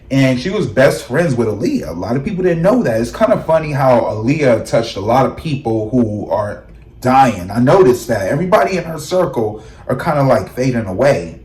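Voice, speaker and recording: A man hosting a casual tarot vlog, telling personal stories in a lively way and breaking into laughs. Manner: animated, laughs, acts out quoted voices in high shrieks. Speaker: tarot reader and vlog host. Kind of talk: casual storytelling to viewers. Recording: echoey room.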